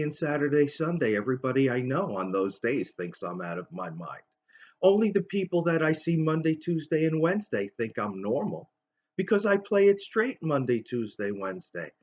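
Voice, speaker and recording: A man's voice: a little high, lively intonation, normal speed. A man in his fifties telling a long, rambling story in a casual monologue. He acts out other people's voices as he tells it. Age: 50s. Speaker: vlogger. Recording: dull lo-fi recording.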